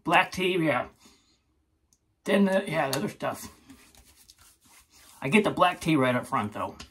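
A man's voice: a little high, animated, unhurried, a bit bright, a little hiss or hum. A man hosting his own shaving channel, chatting casually and rambling through a product review, laughing often.

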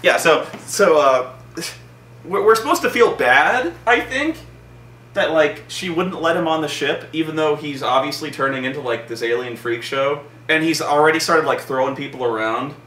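A vlog host recaps a film in a casual, rambling chat, using lots of "like" and swearing freely. His voice is fairly high, animated, bright and forceful at a normal speed, recorded in an echoey room with a distant mic and faint noise.

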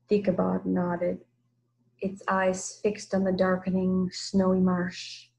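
A woman from Massachusetts, a teacher, reading a children's book aloud in a measured storytelling way. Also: fairly low pitch, steady tone, creaky, darkish tone, low-quality recording. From Massachusetts, USA. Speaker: teacher, guest reader.

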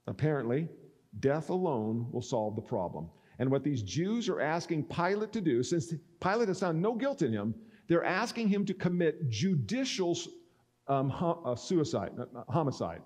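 A male pastor preaches an expository sermon, reading scripture and acting out the words of its speakers. His medium-pitched, darkish voice is very animated and keeps a moderate pace.

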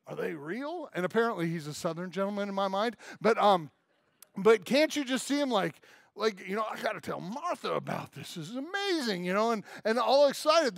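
High-voiced animated male preacher. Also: dry recording, clean studio sound. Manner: animated storytelling, acting out voices of listeners. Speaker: pastor. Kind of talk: sermon.

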